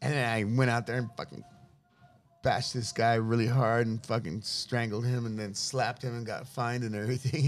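A middle-aged man from Los Angeles, a guest telling lively, profane stories about his father in casual chat. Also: mid-range voice, normal speed. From Los Angeles, USA. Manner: profane, lively anecdotal storyteller. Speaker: interview guest. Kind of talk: casual storytelling.

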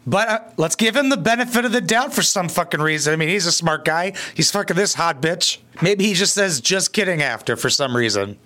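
A man's voice: fairly high pitch, animated, fairly quick, few pauses, bright, forceful tone. A man hosting a reaction video, mocking and sarcastic, with crude comedic commentary.

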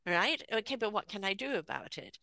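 An older woman hosting a conversational interview, talking in an animated way and acting out small quoted voices. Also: medium pitch, a little fast, vocal fry, dry recording.

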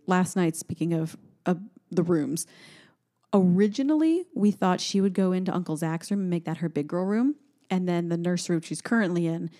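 A woman's voice: on the low side, warm tone. A woman co-hosting a casual chat, telling family stories with frequent laughs. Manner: chatty storyteller, laughs often. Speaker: podcast co-host.

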